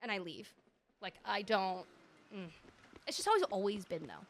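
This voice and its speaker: A woman streamer chatting casually to her live audience, rambling and animated, laughing often. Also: medium pitch, moderate pace, slight background noise.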